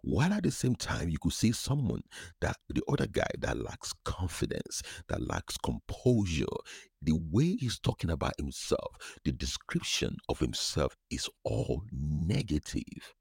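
Slow, gravelly, very deep-voiced man. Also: huge pitch swings, no echo, studio quality. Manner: slow, soft, often whispery storytelling. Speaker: podcast host and recovery coach. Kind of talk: reflective podcast monologue.

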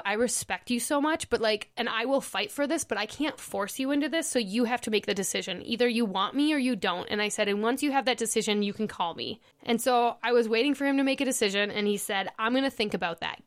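A woman's voice: fairly high pitch, brisk, few pauses. A young woman hosting a podcast, telling a personal story in a chatty way with lots of "like" and acted-out quotes. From Minnesota. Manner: chatty, many "like" fillers, acts out quoted lines. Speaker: podcast host. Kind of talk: casual storytelling chat.

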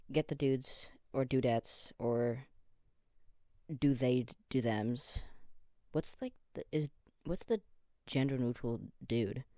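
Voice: medium pitch, darkish tone, dry recording, studio quality. A young host in their late teens, talking in a casual, rambling monologue full of fillers and self-deprecating asides, often losing track mid-sentence. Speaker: podcast host.

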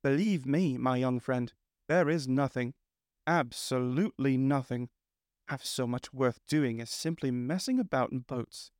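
A man voicing a genial, dreamy male water rat in a storybook, solemn and musing, jumping up high when excited. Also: unhurried, dry recording, studio quality, close to an everyday voice. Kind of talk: storybook character reading.

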